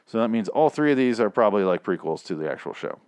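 A man's voice: fairly low pitch, sing-song, fast, a little mellow, smooth, no room sound. Sarcastic, rambling man recapping episodes. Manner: sarcastic, rambling, heavy swearing. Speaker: show reviewer. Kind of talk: casual profane episode recap.

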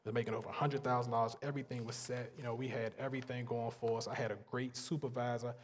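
A man preaching a sermon, earnest and emphatic, pausing and repeating phrases to drive points home. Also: mid-range voice, little pitch movement, slight background noise. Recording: long hall reverb.

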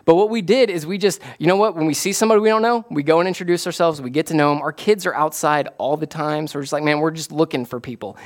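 A man, a pastor, preaching a casual, conversational sermon that rises to excited emphasis. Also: a little high, fast talker, hardly any pauses. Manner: animated, rising to excited emphasis.

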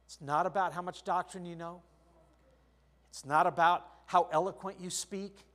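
A man's voice: high voice, fairly even intonation, normal speed. Older man preaching a story sermon. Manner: storytelling, with big swings of loudness. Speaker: pastor.

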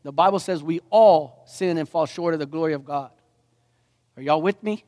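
A man preaching a sermon as a pastor, animated and joking, slipping into playful voices. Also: on the high side, normal speed, big-room sound.

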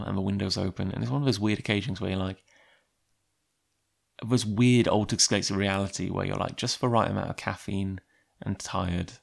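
A man's voice: deep voice, gravelly. A man telling a personal anecdote in a chatty, rambling way with lots of fillers. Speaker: comic creator. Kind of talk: casual personal storytelling.

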